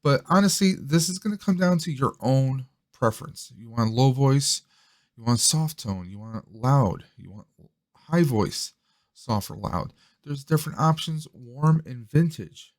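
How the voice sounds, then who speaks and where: A man's voice: mid-range voice, darkish tone. A man rambling casually through a demo of a desk microphone at his home setup. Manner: rambling, chatty, thinks aloud. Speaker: tech reviewer. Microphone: desk USB microphone.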